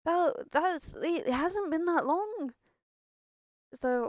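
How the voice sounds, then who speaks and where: Young woman streamer, rambly and sweary, slow and kinda high, dry close sound. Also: lively intonation, no echo. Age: young adult. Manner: rambling, swears, laughs often. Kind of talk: casual gameplay chatter.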